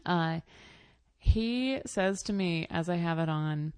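A woman's voice: on the low side, slow pace, a little mellow, clear, resonant tone, no room sound. A woman telling a personal story in a casual, rambling way, full of fillers and self-corrections.

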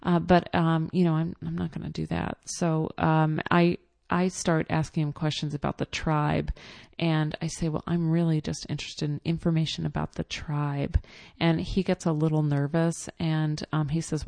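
A woman's voice: sits low, level tone, normal speed, gravelly, darkish tone, no room sound. A woman telling a casual personal story in a chatty, exasperated way with lots of fillers.

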